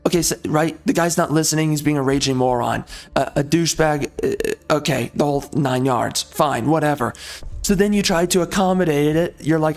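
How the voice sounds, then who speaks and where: A man with a slightly higher-than-usual voice rants over his gameplay. He rambles and stumbles, restarting sentences as his frustration builds. His talk stays loose and unscripted, full of filler words. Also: fairly quick, darkish tone. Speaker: gameplay commentator. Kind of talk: ranting commentary over gameplay.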